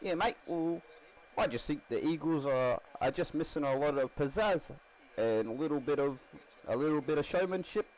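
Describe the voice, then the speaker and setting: A man's voice: on the high side, moderate pace, hardly any pauses, darkish tone, slight background noise, voice pushed up, natural voice, poor audio. A man voicing an upbeat young male rugby recruit with a put-on New Zealand accent. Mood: upbeat boastful. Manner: upbeat, earnest, boastful.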